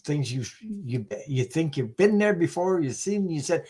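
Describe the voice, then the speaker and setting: Man musing in halting speech. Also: a little high, animated, warm tone, husky. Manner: musing, halting, many restarts. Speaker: participant. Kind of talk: casual group chat.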